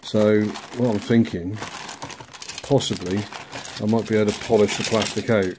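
A man hosting a casual model-building bench update, relaxed and rambling, chuckling at himself now and then. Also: on the low side, normal speed, background noise. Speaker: scale model builder, channel host.

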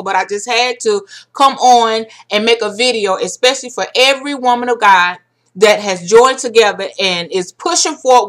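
A woman's voice: medium pitch, fairly bright tone. A woman ministry leader giving a heartfelt video message to her team. She speaks effusively and slips into preacher-style declarations. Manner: uses Southern-style "y'all".

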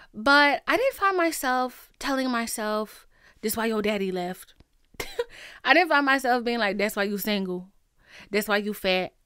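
A woman's voice: on the high side, pushed and bright, smooth, dry recording, clean studio sound. A woman hosting a podcast, talking straight to her listeners in a candid, playful way, swearing freely and sometimes dropping into whispery asides. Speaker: podcast host. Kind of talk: casual monologue to listeners.

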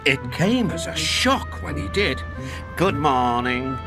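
A man narrating a children's storybook in an expressive reading. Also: fairly high pitch, unhurried. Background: music.

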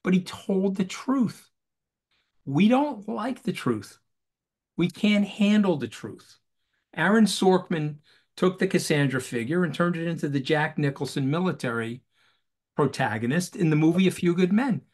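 Appearing as an interview guest on a video call, a man with a slightly high voice for a man speaks emphatically and rhetorically, driving points home with repeated phrases. His animated delivery is expressive and unhurried, with a darkish tone.

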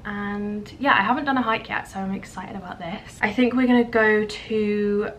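A young woman talks casually to her handheld camera, full of "like" and easy fillers. Her voice sits in a middle register. Steady background noise runs under the recording. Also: mid-range voice, moderate pace. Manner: chatty, filler-heavy, says "like" often. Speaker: travel vlogger. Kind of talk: casual vlog chat to camera. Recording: noisy handheld vlog audio.

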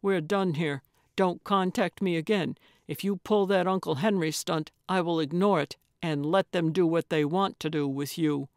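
A woman voicing a guarded, gruff man in hiding, curt and wary in an audiobook. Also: moderate pace, darkish tone, dry recording, clean studio sound, close to an everyday voice. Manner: curt, wary, low-key.

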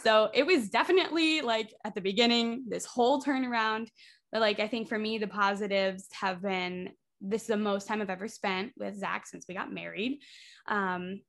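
A woman's voice: mid-range voice, normal speed, creaky. A woman in her twenties, a theater artist talking as a podcast guest in a chatty way, leaning on lots of "like" fillers. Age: 20s. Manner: chatty, leans heavily on "like" fillers. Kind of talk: casual podcast conversation.

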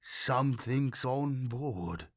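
A man voicing a blind, detached psychic navigator who speaks in a blank monotone in an audiobook. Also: lowish voice, a little slow, dry recording, clean studio sound. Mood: ominous.

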